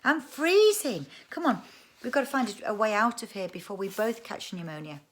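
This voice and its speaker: A woman's voice: a little high, lively intonation, normal speed, pitched above the performer's own voice, lightly acted. A woman voicing a bossy, exasperated young girl in a storybook reading. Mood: worried. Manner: exasperated, scolding.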